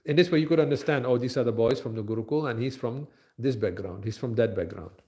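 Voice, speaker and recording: A man giving a conversational scripture lecture at a temple, with frequent fillers and pauses. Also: medium pitch, mellow.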